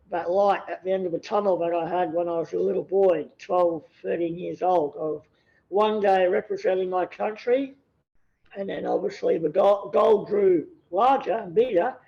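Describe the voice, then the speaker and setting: Man in his 30s, high voice, self-deprecating humour, on a dull lo-fi recording. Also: gravelly, warm tone. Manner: joking, self-deprecating, laughs easily. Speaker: podcast guest, athlete. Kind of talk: casual interview chat.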